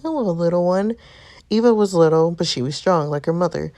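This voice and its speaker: A woman reading a game's narration as a devoted, protective young man, in an earnest storytelling way with a gravelly texture. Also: lowish voice, animated, a little fast, dark tone. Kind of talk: reading game narration aloud.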